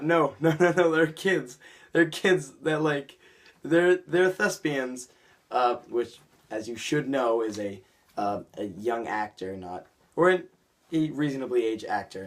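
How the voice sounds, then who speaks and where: A man's voice: medium pitch, animated, measured pace. A young man vlogging an episode review in a rambling, chatty way, full of restarts. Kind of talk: casual episode review vlog.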